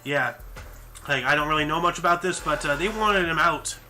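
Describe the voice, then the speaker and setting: A man's voice: fairly high pitch, moderate pace, sharp tone, slight background noise. A man hosting a casual podcast, reading historical events off a list and making chatty, joking asides. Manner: chatty, rattles off scores, jokey asides.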